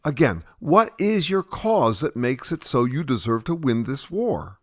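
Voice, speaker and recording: A man's voice: medium pitch, very animated, unhurried. A man playing an earnest questioner in a satirical sketch dialogue, pressing with incredulous, patient questions. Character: earnest male questioner who can't keep up.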